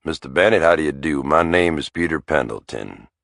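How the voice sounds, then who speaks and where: A smooth, cultured middle-aged lawyer with a Southern accent, put on by a male audiobook narrator. He is polite and friendly, yet insistent, and his low voice sounds dry and close. He is an audiobook figure. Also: expressive, a little fast, fairly bright tone, no echo, exaggerated voice. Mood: affable.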